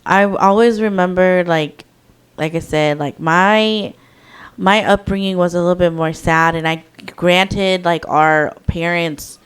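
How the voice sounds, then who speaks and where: Smooth-voiced woman, reflective storyteller. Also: lowish voice, fairly even intonation, unhurried. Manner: reflective storyteller, frequent "like" fillers. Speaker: podcast co-host. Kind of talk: casual podcast conversation.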